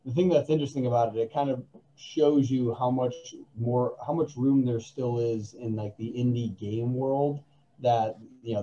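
A man's voice: medium pitch, warm tone, highs cut off. A man co-hosting a podcast in casual chat, rambling with many fillers and restarts, his voice crackly from lack of coffee. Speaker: podcast co-host.

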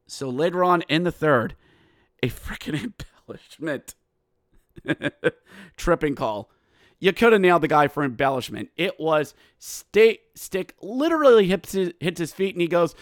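A man hosts a hockey podcast and runs through the game like his own play-by-play announcer. His voice sits fairly high and swings from grumbling to loud excited shouts. The sound is dry and close, with no room around it. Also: no room sound. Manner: excitable, mock-outraged, shouts during goals. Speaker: podcast host. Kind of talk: animated hockey recap with play-by-play.

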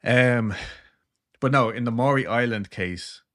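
A podcast co-host retells a story in a relaxed, joking way, often trailing off into laughter. His voice sits in the mid range with a fairly bright tone, and he talks a little slowly.

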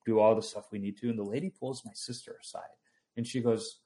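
A young adult man hosting a conversation, telling a personal anecdote in an animated, storytelling way. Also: fairly low pitch, fast.

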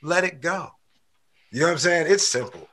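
A man's voice: on the high side, lively intonation, normal speed, a crowd in the background. A man on a discussion panel giving blunt, slangy relationship advice in a casual chat.

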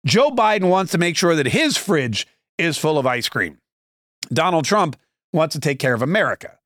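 A male podcast host delivers a sarcastic, emphatic political monologue into a close studio mic. His voice sits a little high for a man, and the room adds no echo at all. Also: big pitch swings, normal speed, fairly bright tone.

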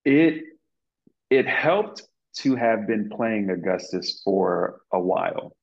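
Earnest low-voiced man, lo-fi audio. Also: slow pace, creaky. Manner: earnest, animated, many fillers and restarts. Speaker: actor guest. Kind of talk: casual interview storytelling. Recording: lo-fi muffled audio.

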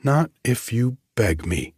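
A man voicing a seventeen-year-old girl in an audiobook, speaking in a breathy, wistful but firmly insistent way. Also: medium pitch, big pitch swings, slow, darkish tone, no echo, clean studio sound, pitched above the performer's own voice, exaggerated voice. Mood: stern. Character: young girl of seventeen, earnest and determined. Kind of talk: audiobook reading.

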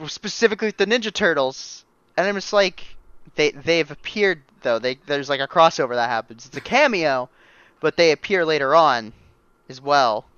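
A man's voice: on the high side, expressive, normal speed, bright, forceful tone, smooth, no room sound, lo-fi sound. A man co-hosting a casual comic podcast, laid-back and adding dry asides. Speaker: podcast co-host. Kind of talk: casual comic book chat.

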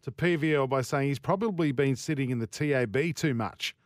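A man's voice: mid-range voice, a little fast, no room sound, studio quality. Blunt Australian male radio co-host. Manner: blunt, opinionated, jokey. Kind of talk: casual sports radio banter. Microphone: studio microphone.

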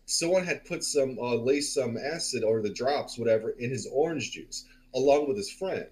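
A man in his forties spins a long story in a relaxed, meandering way. His voice sits at a middle pitch, and he swears freely and fills his pauses as he goes. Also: poor audio. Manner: loose, profane, rambling with many fillers. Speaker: podcast co-host. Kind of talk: casual storytelling.

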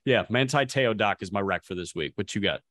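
A man co-hosting a podcast, telling stories in a lively, casual way with quick asides. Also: lowish voice, dry recording, studio quality. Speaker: podcast co-host. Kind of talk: casual chat.

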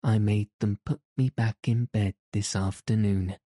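Man reading a whiny spoiled sick kid, low dark voice, slow. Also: steady tone, no room sound, studio quality. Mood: sulky. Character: sickly spoiled petulant young boy.

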